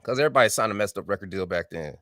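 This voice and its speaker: A man in his fifties with a lowish voice tells his story as an interview guest. He acts out the voices of the people he quotes and keeps tagging his sentences with "right?". The sound is close and dry, with no room echo. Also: lively intonation, racing, a bit bright, faint music behind. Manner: frequent tag question "right?". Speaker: music artist guest.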